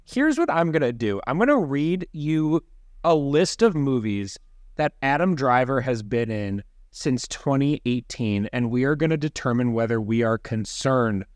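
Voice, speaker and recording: A man's voice: medium pitch, lively intonation, a little slow, no room sound, studio quality. Wry man co-hosting a podcast. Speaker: podcast co-host. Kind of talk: casual chat.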